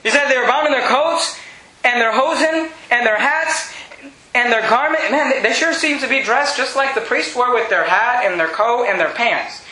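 Give me a high-voiced male pastor preaching emphatically in a church with a bit of background noise. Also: normal speed, pushed and bright. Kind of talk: sermon. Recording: very echoey room.

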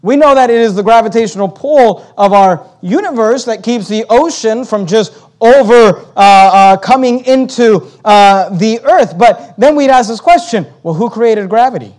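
High-pitched man preaching emphatically. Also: expressive, darkish tone. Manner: emphatic, slows down to read scripture, restarts words. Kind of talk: sermon, Bible teaching.

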